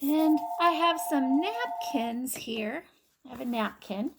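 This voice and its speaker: High-voiced woman teacher doing a slow, patient phonics lesson for little kids, sounding out every letter. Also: lively intonation, background noise. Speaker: kindergarten teacher. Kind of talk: recorded phonics lesson for young children.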